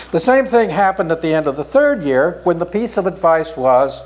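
A man telling a folk tale in an unhurried, expressive way. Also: fairly high pitch, a little hiss or hum, poor audio. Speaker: storyteller.

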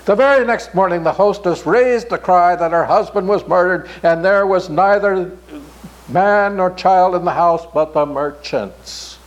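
A man telling a folk tale in an unhurried, expressive way. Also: high-pitched, rough recording. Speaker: storyteller.

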